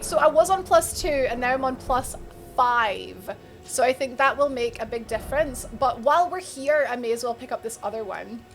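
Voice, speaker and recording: A woman with a bright, high Edinburgh Scottish voice chats away to her stream audience, laughing easily and welcoming viewers by name. Soft background music plays quietly behind her. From Scotland. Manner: chatty, laughs often, greets chat by name. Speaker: game streamer. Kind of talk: casual live-stream chat.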